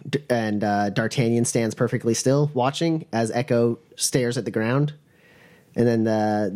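A man's voice: lowish voice, a little mellow. A man narrating a tabletop game as game master, rambling with many fillers.

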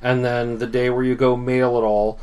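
A man's voice: medium pitch, little pitch movement, moderate pace, a little mellow, smooth. A man hosting a podcast in casual chat, rambling with many fillers and restarts. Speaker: podcast host.

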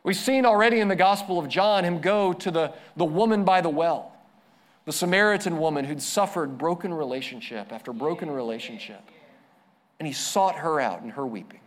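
A man preaching a sermon as a pastor, earnest, slowing down and dropping softer to stress his points. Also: fairly high pitch.

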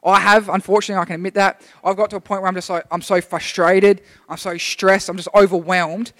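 A young man delivers a chatty, rambling sermon, restarting his sentences as he goes. His voice sits high for a man. It rings out in a church hall with a long reverb. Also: flat delivery, quick pace, fairly bright tone. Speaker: youth preacher. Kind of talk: casual sermon.

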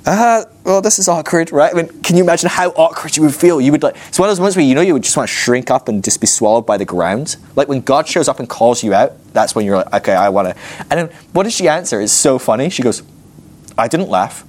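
A man teaching a Bible class, telling the story with animated energy and often laughing at his own points. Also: mid-range voice, fast talker, hardly any pauses. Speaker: ministry school teacher.

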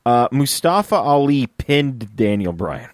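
A relaxed young man chats casually as a podcast co-host. He reads listener questions aloud and answers them in an easygoing way. His voice sits at a middle pitch, and the recording is dry and close with no room sound. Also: a little slow, no echo. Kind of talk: casual chat.

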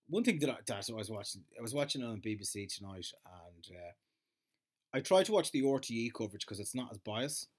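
A man's voice: on the low side, very animated, brisk. Sweary sarcastic man ranting. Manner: sarcastic, swears a lot, rambling. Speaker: solo commentator. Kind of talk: casual sweary rant.

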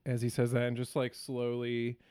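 Smooth-voiced laid-back man playing his character. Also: medium pitch, monotone, moderate pace, a little mellow, no room sound, studio quality. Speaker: player. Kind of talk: in-character tabletop play.

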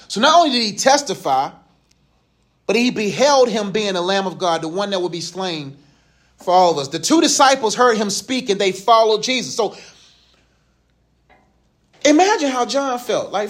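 A man's voice: sits high, animated, moderate pace, long pauses, a bit bright. A man in his thirties giving a casual, joking Bible lesson to a youth group. He uses slang and asks the group questions.

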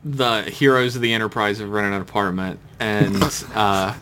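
A man's voice: lowish voice, level tone, a bit bright, a little hiss or hum. A man co-hosting a comedy podcast, recapping an episode in casual chat, laughing often, swearing and briefly putting on character voices. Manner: laughing, profane, acts out characters in quick voices. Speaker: podcast co-host.

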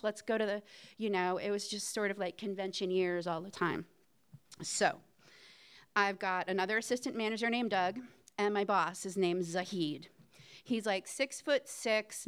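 A woman's voice: mid-range voice, a bit bright, smooth. A middle-aged woman telling a candid personal story on a theater stage, talking conversationally with fillers and short laughs.

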